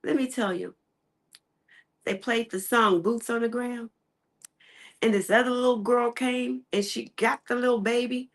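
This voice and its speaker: Animated woman pastor telling a story. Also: on the high side, measured pace, long pauses. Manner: animated storytelling, repeats phrases for emphasis; addresses online congregation directly. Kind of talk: sermon.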